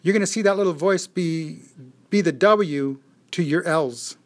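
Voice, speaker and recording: Man giving a casual pep talk. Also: fairly high pitch. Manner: reflective, repeats phrases, speeds up and slows down. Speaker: daily motivational speaker. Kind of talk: casual motivational monologue.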